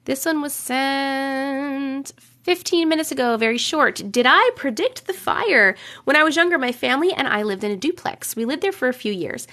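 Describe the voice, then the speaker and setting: A woman with a fairly high voice hosts a casual live stream from her room. She chats loosely with her viewers, swears in passing, and reads their strange stories aloud with plenty of her own reactions. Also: normal speed, fairly bright tone. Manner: chatty, swears casually, laughs and reacts while reading. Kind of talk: casual live-stream chat and story reading. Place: home room, alone.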